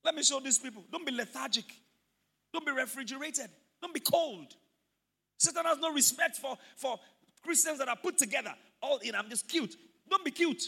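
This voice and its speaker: A man preaching a fervent sermon in a church, often shouting and calling on the congregation to repeat after him. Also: very high voice, normal speed, creaky. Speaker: pastor. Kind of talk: sermon with call-and-response. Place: church service.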